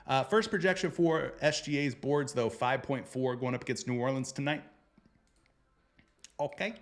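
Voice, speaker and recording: A man's voice: mid-range voice, a bit bright. A man hosting a casual sports betting show, joking loosely with viewers and calling them brother as he runs through his picks.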